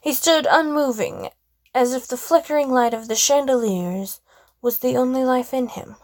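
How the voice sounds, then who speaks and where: A woman reading a first-person game story aloud, expressive, with casual asides. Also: high voice, moderate pace, dry recording.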